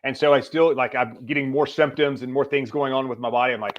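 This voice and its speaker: Man telling a story in an animated way. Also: mid-range voice, fast talker, hardly any pauses, highs cut off, slight background noise. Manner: animated, acts out quoted lines. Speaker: podcast guest. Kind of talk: casual storytelling.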